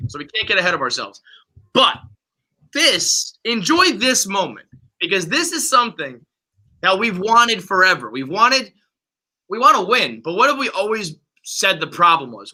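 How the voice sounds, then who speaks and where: A man hosting a sports podcast with a very bright, high-pitched voice. He rants profanely and with heat about his team, like a fired-up fan. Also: poor audio. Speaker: podcast host. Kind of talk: casual sports podcast chat.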